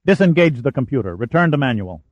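A man's voice: medium pitch, sing-song, fast, no echo, dull audio, close to an everyday voice. A man voicing an authoritative male ship's commander who gives clipped orders. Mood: commanding.

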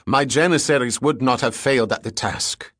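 A man voicing a cold, ruthless male crime boss in an audiobook, speaking slowly with icy menace. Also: mid-range voice, a bit bright, no echo, studio quality, voice pushed up, close to an everyday voice. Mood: barking, commanding. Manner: slow, deliberate, icy menace. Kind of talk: audiobook character voice.

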